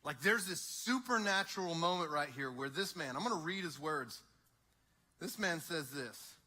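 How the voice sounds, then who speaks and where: A young man preaching an energetic youth sermon, acting out voices in quick back-and-forth dialogue. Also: on the high side. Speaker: youth pastor.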